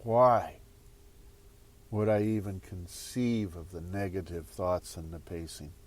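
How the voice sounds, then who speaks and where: Slow, low-voiced rambling male speaker. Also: steady tone, a little mellow. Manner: slow, rambling, conversational, repeats phrases. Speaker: spiritual speaker. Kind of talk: motivational talk to viewers.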